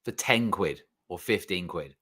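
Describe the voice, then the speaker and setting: Male podcast co-host, chatty and animated, bright tone. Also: low voice, unhurried, slightly rough. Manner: animated, rambling, repeats words when worked up. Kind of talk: casual chat. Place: home room on a live stream.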